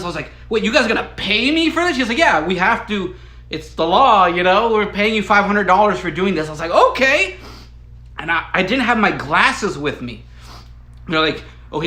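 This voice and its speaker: A man with a high, bright voice tells a story in a loose, rambling monologue. He gets excitable, tripping over his words and coughing now and then. The sound rings around an echoey room. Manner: rambling, excitable, stumbles and restarts.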